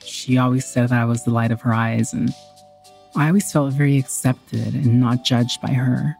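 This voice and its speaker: A woman's voice: rumbling low, steady tone, normal speed, creaky, darkish tone, faint music behind. A woman telling a personal story in a candid, heartfelt, conversational way.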